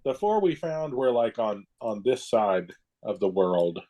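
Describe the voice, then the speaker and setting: Husky, lively-voiced game player. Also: male voice, fairly low pitch, unhurried. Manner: casual, chatty, thinking aloud. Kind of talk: casual tabletop play.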